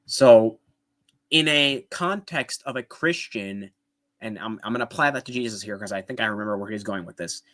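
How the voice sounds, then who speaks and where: A man's voice: on the low side, normal speed, a bit bright. A man hosting a commentary video, explaining his points step by step and often checking in with "right?". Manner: conversational, with restarts and fillers. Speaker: apologetics video host. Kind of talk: casual commentary responding to a debate clip.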